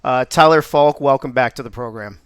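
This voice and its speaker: A man's voice: mid-range voice, brisk, smooth, dry recording, clean studio sound. Upbeat joking male show host. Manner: upbeat, joking, laughs often. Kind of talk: live show hosting.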